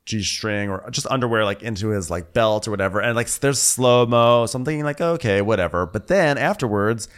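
A man co-hosting a comedic reality TV recap, dry and wry, slipping into high mocking voices to quote people. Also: moderate pace, few pauses, clear, resonant tone. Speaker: podcast co-host.

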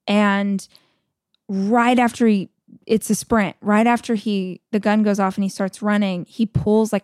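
A woman's voice: medium pitch, a little mellow, dry recording, studio quality. A middle-aged woman hosting a podcast, giving an earnest, encouraging motivational talk with emotional storytelling. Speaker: podcast host.

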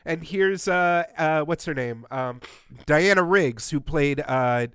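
A man co-hosting a podcast, talking in a wry, joking and excitable way. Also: a little high, slow, clear, resonant tone, dry recording, studio quality. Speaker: podcast co-host. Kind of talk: casual podcast chat.

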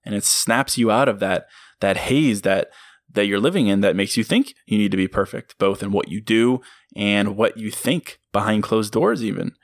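Earnest low-voiced man laughing often. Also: normal speed, no echo. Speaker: podcast host. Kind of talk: motivational solo podcast talk.

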